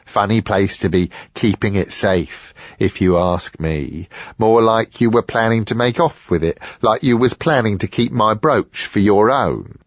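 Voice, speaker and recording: A man's voice: fairly low pitch, lively intonation, measured pace, hardly any pauses, no room sound, highs cut off. A man doing a sly, wheedling old shopkeeper. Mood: suspicious. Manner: wheedling, sour muttering. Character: sly greedy older male antique dealer.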